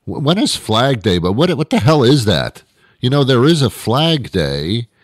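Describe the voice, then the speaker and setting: A man's voice: mid-range voice, very animated, unhurried, dry recording. A middle-aged man hosting a comedy show, delivering a rambling, sarcastic, self-mocking monologue into a close microphone. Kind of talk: satirical comic monologue. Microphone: close studio microphone.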